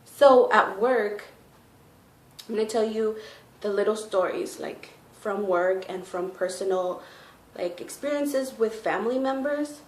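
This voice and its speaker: A woman's voice: mid-range voice, a little slow. Chatty pregnant woman telling a story. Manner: chatty, full of "like" and "you know". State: heavily pregnant. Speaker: vlogger. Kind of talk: casual storytime. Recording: echoey room with faint noise.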